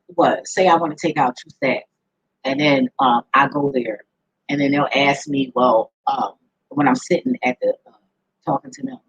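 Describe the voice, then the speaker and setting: A woman's voice: low-pitched, vocal fry, breathy edge, no room sound, highs cut off. A woman ranting to camera in a blunt, profane way, often laughing as she talks. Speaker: vlogger. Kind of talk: casual ranting monologue to camera.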